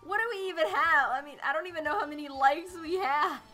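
A bubbly woman hosts a live gameplay stream, greeting viewers and chatting casually as she plays. Her voice is bright and fairly high, with a lot of lively movement. Faint music plays behind her. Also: brisk. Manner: bubbly, greets chat, laughs often. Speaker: livestream host playing a video game.

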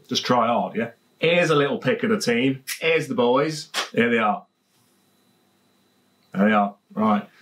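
A man's voice: medium pitch, a bit bright. Chatty Leicestershire man reviewing beer. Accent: Leicestershire English. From England. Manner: chatty and jokey, repeats phrases. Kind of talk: casual vlog review. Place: home garden, outdoors.

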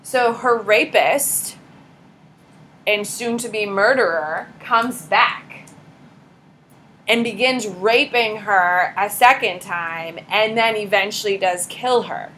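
A woman's voice: mid-range voice, slow pace, a little hiss or hum, low-quality recording. A woman in her thirties, a teacher giving a chatty classroom lecture and quizzing her students. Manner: lively, chatty, asks the class questions.

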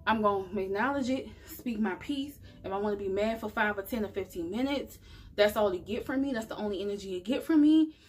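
This spiritual vlogger talks directly to camera, chatty and earnest, offering casual motivation to her viewers. She has a medium-pitched, darkish voice and speaks fairly quickly. Slight background noise can be heard.

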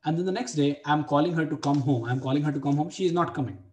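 A man's voice: fairly high pitch, quick pace, darkish tone. Blunt young man, echoey room. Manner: blunt, profane, repeats phrases for emphasis. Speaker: dating coach. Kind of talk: personal story for a webinar.

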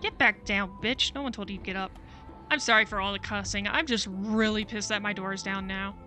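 Playing through a game on video, this young woman curses frequently and argues with the game as her frustration builds. She speaks briskly, with a medium-pitched, steady voice that sounds pushed and bright.

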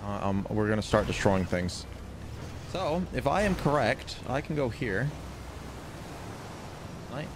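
A man streaming a roleplay game, excitedly repeating himself and issuing in-character threats. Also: mid-range voice, unhurried, long pauses, background noise. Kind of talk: live game commentary.

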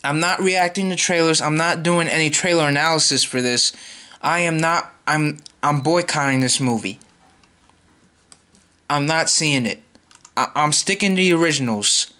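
A man's voice: fairly high pitch, normal speed, bright, forceful tone. A man ranting in a vlog, exasperated and repeating himself as he vows to boycott a movie. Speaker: YouTuber.

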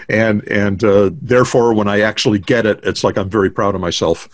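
A man's voice: lowish voice, steady tone, moderate pace, no room sound. A man in his sixties, a guest drummer, telling stories in a casual interview with many fillers and restarts over a video call. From United States. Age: 60s.

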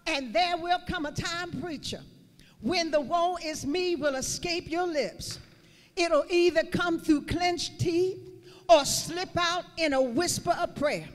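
A woman bishop preaching a sermon, building rhetorical questions and refrains with frequent "uh" fillers and dropping to a hush in reflective passages. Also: very high voice. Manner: drops to hushed, quiet delivery in reflective passages. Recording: long hall reverb with faint music.

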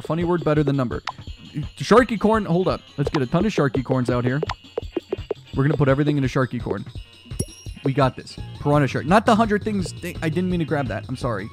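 Animated young man muttering over a game. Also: on the high side. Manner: muttering to himself, excitable outbursts. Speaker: gaming video host. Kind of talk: casual gaming commentary.

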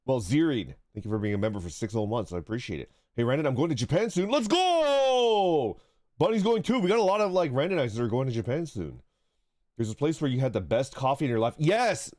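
A man's voice: mid-range voice, lively intonation, quick pace, a little mellow, no echo, clean studio sound. A young man chatting casually on a livestream, swearing freely and reading chat aloud. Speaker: streamer. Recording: background music.

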